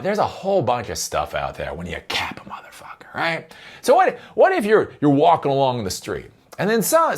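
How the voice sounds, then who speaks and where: Guy ranting on a vlog, pitch bouncing all over, cusses and laughs a lot. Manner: rambling, laughs often, swears. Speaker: tech commentator. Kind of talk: casual commentary vlog.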